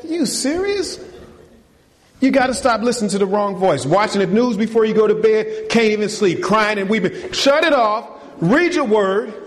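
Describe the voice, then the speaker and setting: A man preaching a sermon to his congregation, animated and colloquial, firing rhetorical questions and calling them y'all. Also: high voice, normal speed, few pauses, long reverb tail. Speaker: pastor. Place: church.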